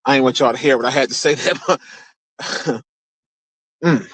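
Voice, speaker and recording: A man's voice: mid-range voice, moderate pace, a bit bright, dry recording. A young man rambling to his viewers in a car, cursing freely and talking straight to them between stretches of driving. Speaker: streamer. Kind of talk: casual rambling chat while driving.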